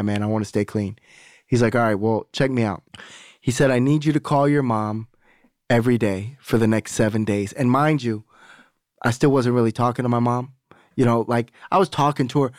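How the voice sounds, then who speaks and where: With a medium-pitched, slightly mellow voice, this man is a podcast guest spinning a rambling, candid yarn full of profanity and performed dialogue from the other people involved. It's casual storytelling, captured in studio quality with no room sound.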